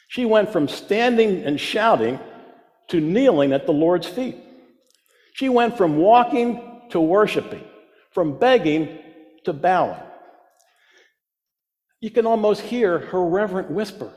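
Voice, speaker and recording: A man's voice: sits high, big pitch swings, unhurried, long pauses, darkish tone. A man preaching a sermon, emphatic, repeating his key phrases for weight. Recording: long reverb of a large hall.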